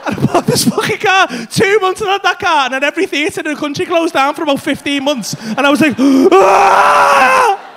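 Male stand-up, very high voice, animated, swears, punchlines shouted, on a club stage. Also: a little hiss or hum. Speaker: stand-up comedian. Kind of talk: stand-up storytelling.

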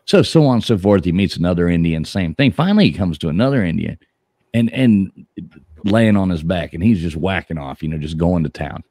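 Very deep-voiced man telling a crude joke. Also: lively intonation, fairly quick, mellow, no room sound, clean studio sound. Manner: crude joke teller, doing voices in the punchlines. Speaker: host. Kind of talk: live stream chat, telling a joke.

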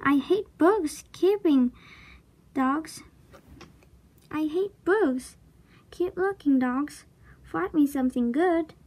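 A woman voicing a bullying, gruff male pirate captain who roars his orders in a storybook reading. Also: sits high, slow pace, long pauses. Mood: roaring. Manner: roaring, shouting.

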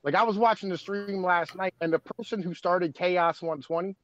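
A man's voice: high voice, moderate pace, fairly bright tone, no echo. A man guest on a podcast, talking slangy and laid-back in crude casual chat over dull, muffled phone audio.

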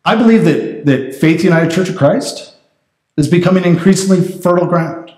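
A man's voice: sits high, normal speed, a little mellow. A man preaching a conversational sermon as pastor, often checking in with the congregation. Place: church sanctuary. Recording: roomy church sanctuary.

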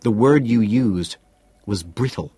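A man's voice: fairly low pitch, slow pace, dark tone, slightly rough. A man doing McDermott, smug young banker. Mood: smug, needling. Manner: smug and needling. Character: smug, petty young male Wall Street banker.

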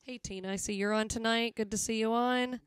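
A woman's voice: a little high, fairly even intonation, a little fast. A woman with a Southern US accent hosting a live music stream, chatty and teasing, laughing often. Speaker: host of a live music show. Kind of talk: casual live-stream chat.

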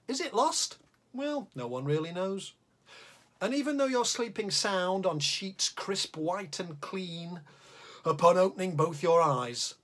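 A man hosting a children's drawing show, reading a comic poem aloud in a playful voice, then chatting as he sets up to draw. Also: breathy edge. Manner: lively and playful, swooping pitch.

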